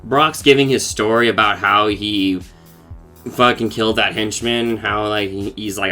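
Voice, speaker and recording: A man's voice: fairly low pitch, steady tone, moderate pace, sharp tone, faint music behind. A man casually recapping a cartoon episode for his podcast, talking loosely with lots of swearing and fillers. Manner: loose and profane, with frequent fillers and laughs.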